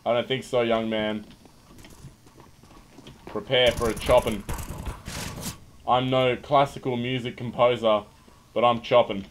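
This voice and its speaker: A man's voice: mid-range voice, steady tone, unhurried, pauses often, slight background noise, rough recording. A young man giving casual live commentary over a shooter game, swearing freely and yelping when things go wrong. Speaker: streamer. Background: game music and gunfire.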